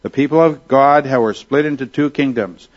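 A man's voice: medium pitch, moderate pace. Man teaching scripture on a dull recording. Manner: explanatory, checks in with "all right?". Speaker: Bible teacher. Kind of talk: classroom Bible teaching.

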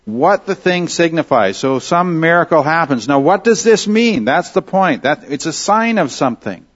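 A man's voice: on the high side, animated, moderate pace, dull audio. A man teaching a Bible lesson in an explanatory way, often correcting himself and asking the class questions.

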